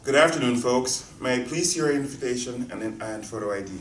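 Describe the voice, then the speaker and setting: An actor reading a courteous, formal and steady security guard in a screenplay reading. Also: male voice, mid-range voice, brisk, close to an everyday voice. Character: polite, firm male security guard. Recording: roomy distant sound with faint noise.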